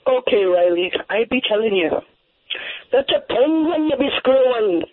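A man's voice: animated, moderate pace, no echo. A man voicing an Irish man in a joke, with a put-on Irish brogue, over a tinny line. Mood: deadpan. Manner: loud, deep comic brogue.

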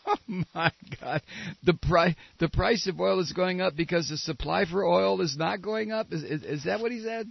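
A man from Texas hosting a podcast, giving sarcastic, animated political commentary. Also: high voice, moderate pace, vocal fry, husky, no echo, dull audio. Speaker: podcast host.

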